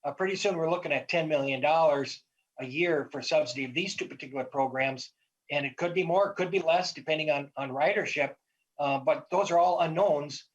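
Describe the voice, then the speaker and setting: A man, a state legislator, giving measured, cautionary remarks in a committee hearing, with hesitant restarts. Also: on the high side. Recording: dull, lo-fi audio.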